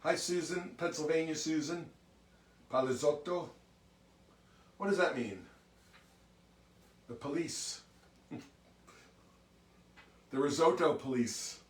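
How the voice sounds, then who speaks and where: A man's voice: fairly high pitch, slow, long pauses, recorded from a distance. A man hosting a music livestream, chatting casually and greeting viewers one by one by name. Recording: roomy sound from off mic.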